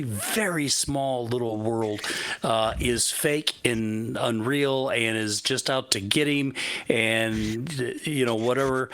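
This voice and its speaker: A man's voice: medium pitch, a bit bright, dry recording. A man co-hosting a casual live chat, blunt and sarcastic with frequent swearing. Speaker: co-host.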